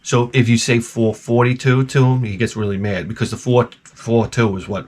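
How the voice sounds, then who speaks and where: A man hosting his own video, telling a rambling, profane story in an animated, casual way. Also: mid-range voice, moderate pace, few pauses, a little hiss or hum. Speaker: video host.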